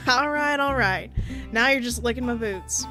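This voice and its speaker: A woman's voice: a little high, moderate pace, music in the background, close to an everyday voice. A woman voicing a tough tomboy female outlaw who banters wryly in a light Southern drawl. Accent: put-on Southern US drawl. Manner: wry, teasing cowboy banter.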